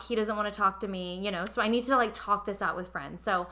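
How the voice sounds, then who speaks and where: A young woman hosting a podcast, telling a personal story in an animated, emotional way and speaking straight to her listeners. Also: mid-range voice, quick pace, a little hiss or hum. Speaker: podcast host. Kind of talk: casual confessional storytelling.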